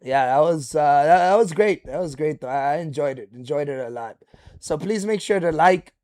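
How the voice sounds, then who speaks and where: A man hosting a reaction video, commenting excitedly and casually, often restarting his sentences. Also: fairly high pitch, moderate pace. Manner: excitable, lots of fillers and restarts.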